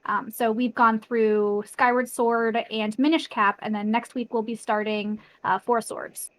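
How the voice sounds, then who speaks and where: A woman's voice: a little high, steady tone, a little slow. A woman streamer talking casually as a guest, full of "uh" fillers and joking about herself. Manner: chatty, filler-heavy, self-deprecating. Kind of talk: casual chat.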